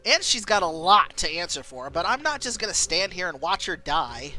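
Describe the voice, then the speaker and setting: A woman's voice: lowish voice, sing-song, moderate pace, sharp tone. Woman voicing a firm plain-spoken young hero.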